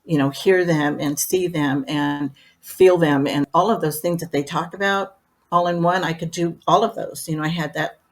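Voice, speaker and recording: A middle-aged woman with a lowish, slightly deep voice talks through her experiences as a guest on an interview show. Her telling is loose and rambling, a run of casual asides strung together with "you know.". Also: steady tone, moderate pace. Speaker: medium, podcast guest.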